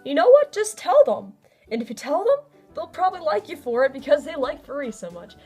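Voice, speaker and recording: A young woman talks through casual advice in a fairly high voice, chatty and prone to little laughs. Her pitch jumps around as she gets excited. Soft music plays faintly under her. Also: fairly quick. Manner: chatty, laughs often, lively swings in pitch. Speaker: vlogger.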